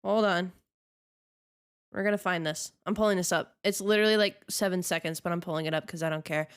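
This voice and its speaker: A woman's voice: on the low side, fairly even intonation, brisk, smooth. A woman streamer chatting casually on a live stream, ranting in an exasperated way and laughing often.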